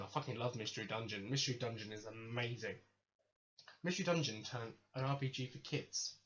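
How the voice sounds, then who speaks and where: A man hosting his own podcast, talking casually in a rambling, enthusiastic way that keeps correcting itself. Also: mid-range voice. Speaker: podcast host. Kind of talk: casual solo podcast monologue. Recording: slightly dull lo-fi mic with faint hiss.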